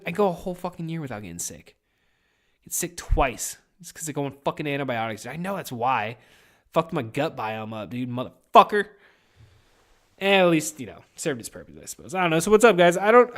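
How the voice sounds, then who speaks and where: A man's voice: a little high, lively intonation, a little fast. Profane, rambling young male podcast host. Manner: profane, rambling, swears constantly. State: getting over a head cold. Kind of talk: casual solo podcast chat.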